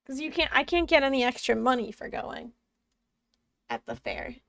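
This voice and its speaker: High, gravelly-edged woman streamer chatting. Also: wildly swooping pitch, normal speed, a bit bright, no room sound, far from the mic. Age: 20s. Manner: chatty, laughs often, talks to chat and the game. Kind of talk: casual live-stream chat while gaming.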